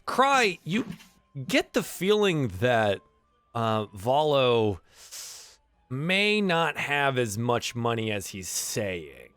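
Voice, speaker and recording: A man's voice: medium pitch, huge pitch swings, very slow, a bit bright, clear, resonant tone, dry recording, faint music behind. A man narrating as game master of a tabletop game, rambling with many fillers and restarts.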